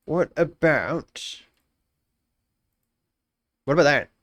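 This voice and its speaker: A man's voice: a little high, lively intonation, drawn-out words, fairly bright tone, no room sound. A young Australian man chatting casually on a live stream, musing aloud, repeating phrases and greeting viewers by name.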